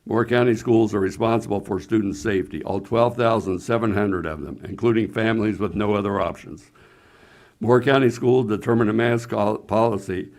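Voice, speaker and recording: Low-voiced man reading a statement. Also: a little mellow. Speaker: school board member. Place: meeting room.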